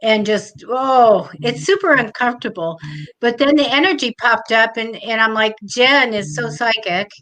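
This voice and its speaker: A woman's voice: fairly high pitch, moderate pace, a bit bright, rough recording. A woman co-hosting a live show as a tarot reader, who talks in a chatty, enthusiastic way with many exclamations. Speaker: psychic tarot reader, co-host.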